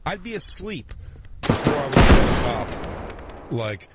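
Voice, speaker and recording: Brief: male comedy podcast host, slightly high voice, crude rambling banter, loud gunfire noise behind. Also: big pitch swings, measured pace. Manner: crude, rambling, laughs often. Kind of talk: casual comedic chat.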